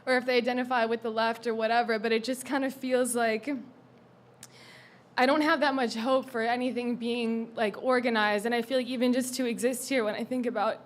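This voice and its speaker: A woman's voice: on the high side, steady tone, fairly quick. Frustrated young woman venting on stage. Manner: frustrated, rambling, swearing, flaring into shouts. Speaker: open mic performer. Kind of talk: spoken monologue at an open mic.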